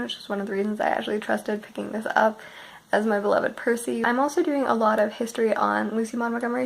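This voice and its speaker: A young woman in her early twenties from Canada, musing sleepily and softly about books while unwell, often dropping to a half-whisper. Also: a little high, creaky, slight background noise, low-quality recording. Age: early 20s. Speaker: book vlogger.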